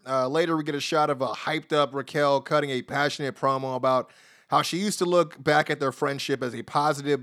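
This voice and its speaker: A man's voice: fairly high pitch, a bit bright. A man co-hosting a podcast, recapping wrestling shows in loose, profane chat, laughing often and acting out quotes. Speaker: podcast co-host.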